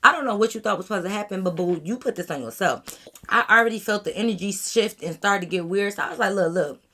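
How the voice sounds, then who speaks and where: A young woman vlogger telling a story casually, in an animated way, acting out her friends. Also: mid-range voice, fast talker. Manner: animated, acts out friends' voices.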